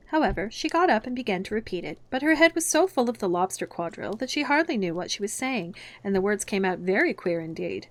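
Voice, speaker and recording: A woman reading a classic children's story aloud in a calm, gentle, measured bedtime style. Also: mid-range voice.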